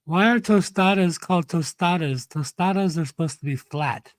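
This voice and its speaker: A man's voice: a little high, normal speed, no echo. Trolling man on a dry voice call. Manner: trolling with silly one-liners. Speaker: voice chat guest. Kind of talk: casual voice-chat banter.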